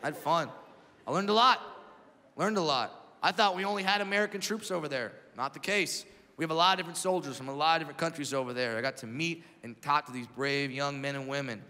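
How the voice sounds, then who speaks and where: A man in his thirties performing a stand-up comedy set with animated storytelling that swings between loud bursts and quiet asides. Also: fairly high pitch, quick pace. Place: large comedy venue with a live audience. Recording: reverberant hall with audience noise.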